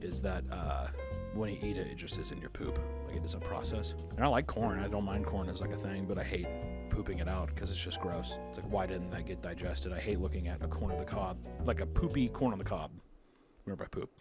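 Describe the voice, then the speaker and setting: A man's voice: low voice, fairly quick, over loud music. A young man in casual commentary, sarcastically recapping a film and mocking its characters by acting out their lines. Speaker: streamer.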